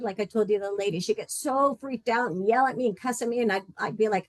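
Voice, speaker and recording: A woman runs a group session in a loose, animated and blunt way, with plenty of laughter. Her voice is dry and close. Her pitch sits in a middle range. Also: fast, hardly any pauses, no room sound. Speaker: support group facilitator. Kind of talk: casual group session talk.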